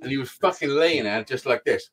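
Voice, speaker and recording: A man's voice: mid-range voice, expressive, brisk, a bit bright. A man, host of a live show, telling rambling sweary anecdotes in casual chat.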